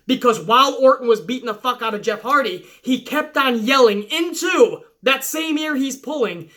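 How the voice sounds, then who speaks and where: A middle-aged man recapping a wrestling show in a casual vlog, swearing freely and rambling with animated opinions. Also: high-pitched.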